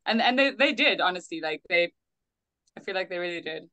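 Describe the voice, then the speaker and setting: A young South African actress chatting with laughter and animated stories in a video call interview. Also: female voice, fairly low pitch, fairly quick. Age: young adult. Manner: bubbly, laughing, animated storytelling. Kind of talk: casual interview chat.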